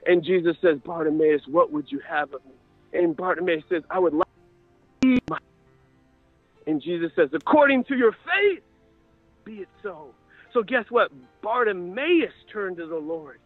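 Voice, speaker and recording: Impassioned male preacher, very high voice, dry tinny radio sound. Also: dry recording. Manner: impassioned, rises to crying out. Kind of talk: sermon.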